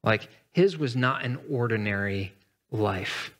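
A man's voice: fairly low pitch, takes it slowly, fairly bright tone. A male pastor delivering a conversational sermon, reading scripture with dramatic emphasis and speaking casually between readings.

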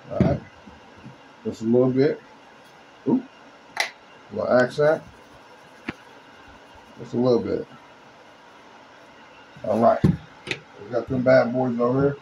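Guy cooking and chatting to his viewers, kinda muffled lo-fi audio, faint room hum. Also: medium pitch. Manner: chatty, addresses viewers as you guys. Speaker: home cook. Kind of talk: casual cooking demonstration.

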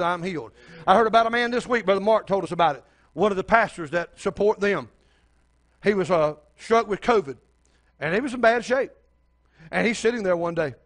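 A man's voice: high voice, a bit bright. An older man preaching a sermon as pastor, telling a story and speaking straight to the congregation.

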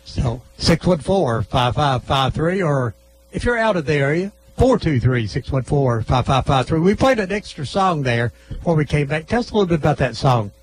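A man co-hosting a local radio show, brisk and teasing as he steers the conversation. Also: a little high, sing-song, a little hiss or hum, low-quality recording. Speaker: radio co-host. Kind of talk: casual radio chat. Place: radio studio.

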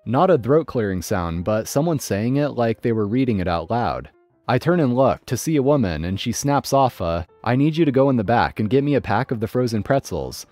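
A man's voice: mid-range voice, a little mellow, dry recording. A man narrating online stories in a scripted, storytelling read.

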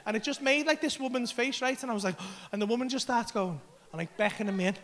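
A man telling an animated, sweary story as a stand-up comedian on a club stage, acting out other people's voices and his own panic. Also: extremely high pitch, fast talker. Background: audience laughter.

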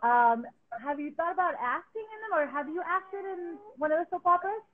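A woman's voice: very high voice, lively intonation, fairly quick, narrow, tinny audio. A woman hosting a casual interview on a phone video call, encouraging and eager, and reading her questions from notes. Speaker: host, interviewer. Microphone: phone on a live video call.

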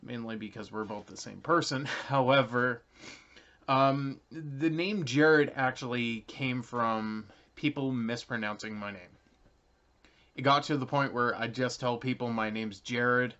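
In a slightly dull lo-fi clip, a young Canadian creator speaks to the camera, casually explaining something to viewers. His medium-pitched voice is fairly bright and a little slow, and he rambles with lots of ums and uhs plus light chuckles.

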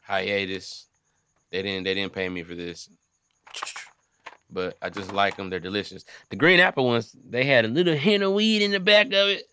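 A man's voice: lowish voice, normal speed, pushed and bright, clean tone. A young man hosting a podcast with a comedian's style, joking and swearing a lot and often switching into silly voices. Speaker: podcast host. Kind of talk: casual comedic chat.

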